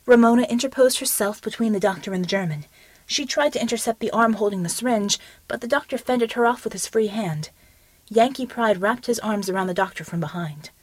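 A woman reading an audiobook in measured scripted narration, close to the microphone. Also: medium pitch, no echo.

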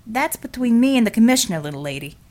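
A woman's voice: on the high side, big pitch swings, fast talker, darkish tone. Woman playing a cocky male builder. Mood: brash. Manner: folksy, swaggering, slangy. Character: brash middle-aged male builder, cocky, chauvinist. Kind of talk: audiobook character voice.

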